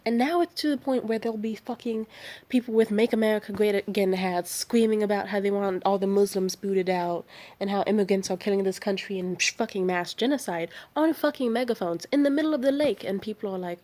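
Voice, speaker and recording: A woman's voice: mid-range voice, a little fast, a little mellow. A tired woman from the San Francisco Bay Area, ranting late at night in a heated, profane, rambling way. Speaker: vlogger.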